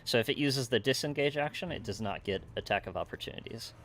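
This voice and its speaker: A man's voice: medium pitch, fast talker, a bit bright, a little hiss or hum. A man running a tabletop game as game master, narrating in a loose, rambling way with many fillers. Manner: loose and rambling, full of "uh" and "kinda like".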